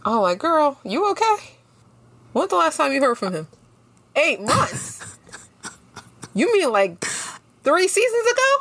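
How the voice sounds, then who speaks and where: A woman chimes in on a casual chat with slow, drawling, blunt remarks. Her pitch moves widely and the recording is dry and close. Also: huge pitch swings, a bit bright, dry recording. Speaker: podcast co-host.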